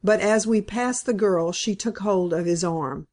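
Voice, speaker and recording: A woman reading a classic novel aloud as an audiobook narrator, in a measured, composed manner. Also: medium pitch, darkish tone.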